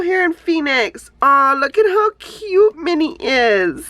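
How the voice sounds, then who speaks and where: A woman from Hawaii, a craft YouTuber, gushing with excitement as she unboxes happy mail in casual chat. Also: high voice, measured pace, hardly any pauses. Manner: gushing, exclamatory, lots of "oh my gosh". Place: home, Phoenix.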